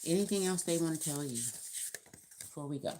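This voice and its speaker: A woman's voice: deep voice, fairly quick, mellow, a little hiss or hum. A woman giving a casual tarot reading to camera, talking in a chatty, colloquial, rambling way. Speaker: tarot reader.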